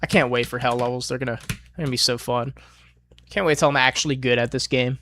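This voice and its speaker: A male streamer mutters and swears his way through a hard level, coaching himself out loud. His pitch sits in a middling range. Faint keyboard clicks tick in the background. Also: fast, slight background noise. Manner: profane, excitable, talks himself through attempts. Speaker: streamer playing a platformer. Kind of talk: casual self-talk while gaming.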